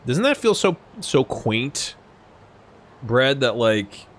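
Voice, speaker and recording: A man's voice: mid-range voice, very animated, slow, fairly bright tone. Tipsy, rambling young man streamer. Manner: rambling, swearing, laughs often. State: tipsy from drinking. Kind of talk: casual live-stream chat while gaming.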